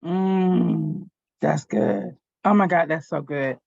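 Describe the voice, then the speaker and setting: A woman's voice: fairly low pitch, slow pace, creaky, darkish tone, no room sound, lo-fi sound. A woman hosting a casual panel chat, enthusiastic and effusive, passing the floor to guests. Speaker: host.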